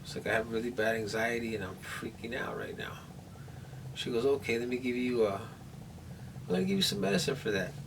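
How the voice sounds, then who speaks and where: A man recovering at home from surgery tells a meandering story to his camera, speaking animatedly at medium pitch and a little fast. He's hurting and keeps nervously starting over, while the far-off camera mic catches faint room noise.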